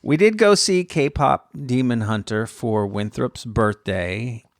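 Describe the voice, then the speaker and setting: A man's voice: medium pitch, expressive, takes it slowly, no echo, studio quality. A man co-hosting a podcast, telling rambling, self-mocking stories in casual chat. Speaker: podcast co-host.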